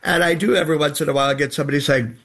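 A man's voice: a little high, steady tone, very fast, fairly bright tone. Older man, theatrical and wistful. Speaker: drag performer guest. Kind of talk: radio interview.

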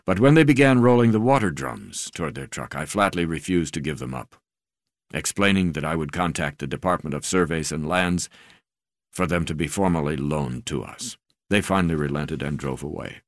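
A man narrates a memoir in a measured, deliberate reading. His voice sits very low. The recording is dry and close, with no room sound. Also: expressive, no room sound. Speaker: audiobook narrator.

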